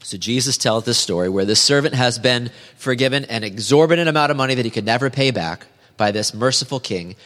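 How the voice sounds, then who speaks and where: A man preaching an earnest, measured sermon as a pastor, reading scripture aloud. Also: mid-range voice, fairly bright tone, big-room sound.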